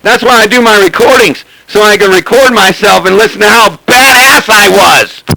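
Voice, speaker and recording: A man's voice: high-pitched, moderate pace, gravelly, bright, forceful tone, slight background noise, rough recording. A man bantering on CB radio, joking and boastful, who keeps repeating "hey, hey, hey" to get attention. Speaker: CB radio operator.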